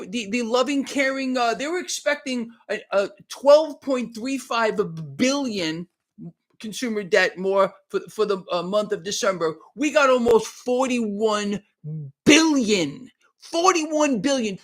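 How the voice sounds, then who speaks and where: A man's voice: very high-pitched, a bit bright. A middle-aged man doing a live market commentary, heated and sarcastic, often repeating himself as he rants.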